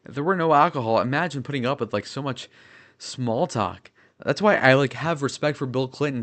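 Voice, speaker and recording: A man's voice: mid-range voice, fairly bright tone. A young man in his twenties chatting casually on a livestream, rambling with lots of fillers and swearing. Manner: rambling, filler-heavy, profane.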